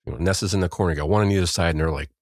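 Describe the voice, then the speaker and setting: A middle-aged man, co-hosting a casual podcast and telling rambling stories, with loud acted-out quotes. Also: deep voice, rapid-fire, no echo, studio quality. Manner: rambling storyteller, acts out quotes loudly. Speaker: podcast co-host. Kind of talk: casual chat.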